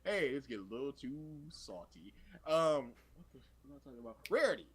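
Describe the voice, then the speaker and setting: Animated young man, husky voice, lively pitch. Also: fast. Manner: animated, acts out scenes in quoted voices. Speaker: podcast co-host. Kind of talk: casual chat.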